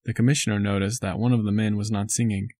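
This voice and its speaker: A man co-hosting a casual chat, telling jokes in a deadpan way. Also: fairly low pitch, fast, no echo.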